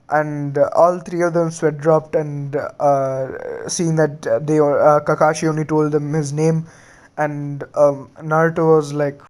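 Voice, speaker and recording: A man casually retelling a fan-made story, halting often with fillers and restarts. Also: a little high, little pitch movement, a little mellow, clean tone.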